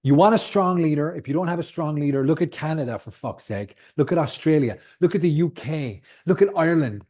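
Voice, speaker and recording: A man's voice: a little high, a little fast, hardly any pauses, warm tone. Ranting, swearing podcast host man. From outside the United States. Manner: heated, swearing, emphatic. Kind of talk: solo podcast rant.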